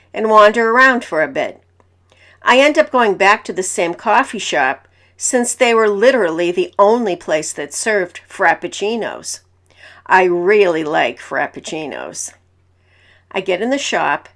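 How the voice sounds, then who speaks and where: A woman narrating reader-submitted stories in the first person, in an even, matter-of-fact way. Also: medium pitch.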